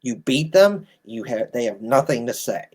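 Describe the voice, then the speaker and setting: A man's voice: medium pitch, expressive, moderate pace, slightly rough. A man in his thirties ranting bluntly in an exasperated, scolding commentary. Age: 30s. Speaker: sports commentator.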